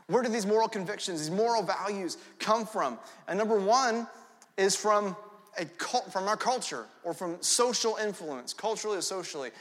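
A young adult man preaching a sermon in an animated storytelling manner, often checking in with "right?" asides. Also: high voice, normal speed. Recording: long hall reverb.

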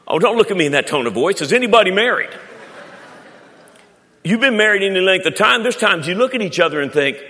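Animated male preacher in a reverberant hall. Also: on the high side. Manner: animated preaching with stammered restarts and sudden loud climbs. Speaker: pastor. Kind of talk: sermon. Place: church auditorium. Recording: long reverb of a large hall.

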